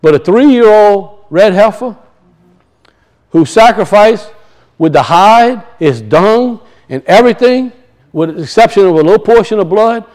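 High-voiced animated male preacher. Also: a little slow, low-quality recording. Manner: animated preaching, rises and drops in pitch, acts out quoted voices; repeats and restarts phrases for emphasis. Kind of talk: sermon.

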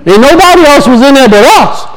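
A man's voice: very high-pitched, lively intonation, fairly quick, rough recording. A man, preaching a sermon in a folksy storytelling way and acting out the voices in his stories. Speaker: pastor.

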